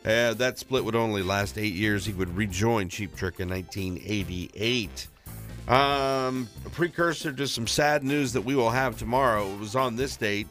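A man's voice: fairly low pitch, normal speed, soft background music. A man co-hosting a radio show, chatting casually and cutting in with short agreements. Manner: relaxed, interjecting with short agreements.

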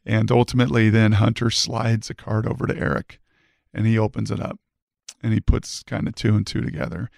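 Gravelly-voiced man telling a heartfelt story. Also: on the low side, level tone, a little mellow, no echo, studio quality. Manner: earnest, fervent, quick to restart sentences. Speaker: podcast guest, former football player. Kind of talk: emotional personal storytelling.

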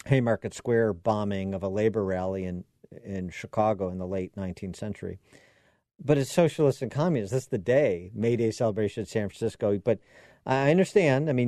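A man's voice: lowish voice, mellow, no room sound, clean studio sound. A man hosting a talk radio show, giving sarcastic commentary with mocking asides and frequent fillers. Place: radio studio.

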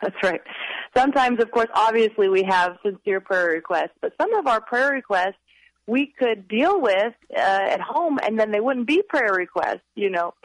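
A woman's voice: medium pitch, animated, normal speed, no echo, poor audio. A woman author, a guest on a radio interview, earnestly giving upbeat parenting advice.

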